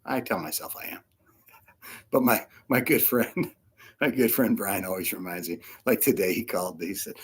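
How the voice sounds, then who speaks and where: A man preaching a casual sermon, short of breath with fluid in his lungs, animated and laughing often between soft asides. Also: low voice, normal speed, husky. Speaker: pastor.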